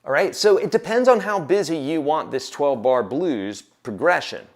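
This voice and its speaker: A man's voice: fairly high pitch, animated, moderate pace. A man teaching guitar on a livestream, talking casually and encouragingly and counting beats aloud.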